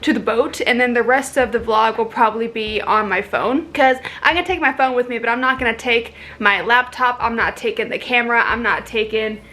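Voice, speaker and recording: A woman's voice: fairly high pitch, fairly quick, few pauses, pushed and bright. A young woman chatting casually to her camera indoors as a travel vlogger, rambling and laughing often. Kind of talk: casual vlog chat to camera. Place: indoors at a lodging. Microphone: handheld camera.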